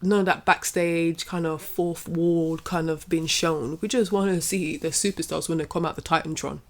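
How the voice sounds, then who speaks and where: A young adult woman who hosts her own wrestling commentary channel rants to camera in a low voice with fairly even intonation, at normal speed. Her casual rant is exasperated and opinionated, repeating itself and trailing off.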